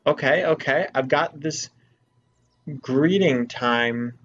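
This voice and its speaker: A man's voice: medium pitch, takes it slowly, fairly bright tone, lo-fi sound, a little hiss or hum. A young man giving let's play commentary in a playful, jokey, mock-exasperated way. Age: young adult. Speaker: gamer.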